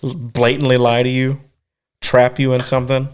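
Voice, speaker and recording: A male podcast co-host with a smooth, medium-pitched voice tells a story at a moderate pace, crude and animated, mimicking other people's voices and laughing often during the casual chat.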